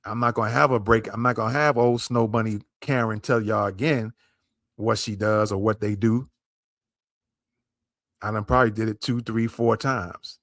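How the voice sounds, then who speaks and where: A man's voice: lowish voice, fairly even intonation, normal speed, fairly bright tone, dry recording, studio quality. A man hosting a podcast, commenting on a clip in an emphatic way, repeating his points and speaking straight to his listeners. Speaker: podcast host.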